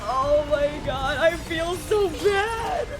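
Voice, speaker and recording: Brief: high-voiced woman gamer, excitable live commentary, game music playing under her. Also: slow pace. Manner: excitable, gasping and shrieking at wins. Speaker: game streamer. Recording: voice over loud game music.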